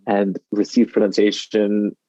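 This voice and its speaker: A British dialect coach from the United Kingdom talks conversationally about his work, acting out quoted phrases in a British English accent. His voice sits on the low side, mellow and flat, and he speaks a little slowly. The audio is dry but slightly dull and lo-fi.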